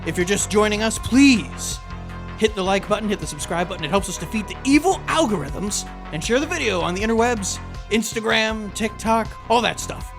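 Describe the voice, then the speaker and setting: A man's voice: high voice, expressive, fairly quick, creaky, over music. A man hosting a comedic podcast in a playful mock-newsman manner. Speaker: podcast host.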